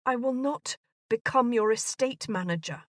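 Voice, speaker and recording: Narrator doing a headstrong young regency lady, blunt and wary, bit higher than her narration, dry sound. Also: normal speed, fairly bright tone, dry recording, close to an everyday voice. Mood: guarded.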